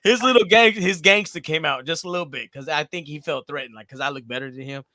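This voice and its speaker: A man's voice: a little high, fast, pushed and bright, no room sound. A man in his thirties co-hosting a podcast, telling stories in casual chat, cursing freely and laughing often. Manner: profane, storytelling, laughs often. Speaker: podcast co-host.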